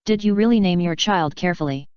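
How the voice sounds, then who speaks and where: A woman voicing a flustered, hot-tempered young woman wizard in an even, flat read. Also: fairly low pitch, quick pace, smooth, dry recording, highs cut off, close to an everyday voice.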